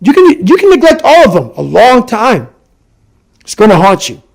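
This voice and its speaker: Gravelly high-pitched man, intense and emphatic. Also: wildly swooping pitch, normal speed. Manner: forceful, repetitive, emphatic. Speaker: podcast guest. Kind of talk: intense motivational talk.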